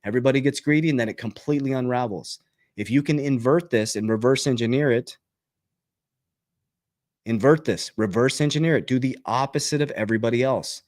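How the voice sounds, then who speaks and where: A man's voice: fast talker, darkish tone, dry recording, studio quality. A man hosting a finance channel, giving a motivational talk about investing. He is emphatic and repetitive, gets fired up, and keeps checking in with "okay?". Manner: gets fired up, pitch jumps on punchlines. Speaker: crypto and investing channel host.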